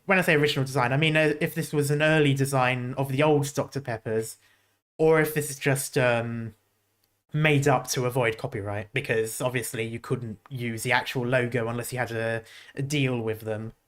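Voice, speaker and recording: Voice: medium pitch, fairly even intonation, moderate pace, fairly bright tone. A streamer reacting to game trailers in casual commentary, rambling and laughing often.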